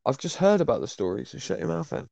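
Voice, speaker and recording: A man's voice: a little high, very animated, fast talker, vocal fry, warm tone. A British man in a heated online debate, aggressive, mocking and swearing a lot. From Britain. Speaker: panelist.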